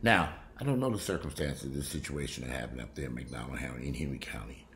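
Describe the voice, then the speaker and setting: A man's voice: very deep voice, quick pace, fairly bright tone, slight background noise. A man vlogging from home in casual commentary, blunt and profane. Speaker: vlogger commenting on a news story.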